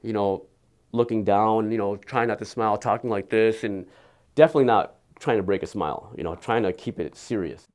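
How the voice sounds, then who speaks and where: A man giving an earnest, candid patient testimonial, halting and often repeating his words. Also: on the low side, a little mellow.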